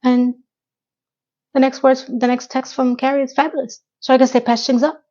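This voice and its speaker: A woman recapping a TV episode in a casual chat, talking in a lively way with quick asides and questions to her viewers. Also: high-pitched, highs cut off. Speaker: TV recap reviewer.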